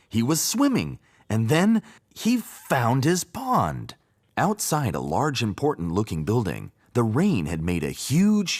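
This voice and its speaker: A man reading a children's story aloud, his fairly low voice rising and falling with very lively swoops. The reading is expressive and sing-song, made for young listeners. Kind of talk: storybook read-aloud narration.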